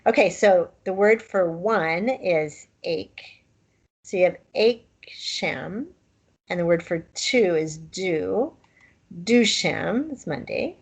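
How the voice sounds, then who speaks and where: A woman's voice: lowish voice, expressive, slow pace, slightly rough. A woman teaching a language class, explaining pronunciation patiently and demonstrating sounds one at a time. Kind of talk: slow, patient language lesson.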